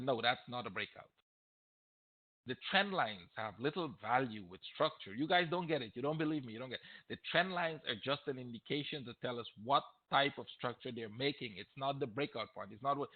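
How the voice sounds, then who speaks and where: A man teaching trading on a live question-and-answer stream, blunt and emphatic, repeating his points and getting heated. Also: medium pitch. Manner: blunt, emphatic, repeats himself, gets heated and loud at times. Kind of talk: live Q&A webinar. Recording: tinny phone-like audio.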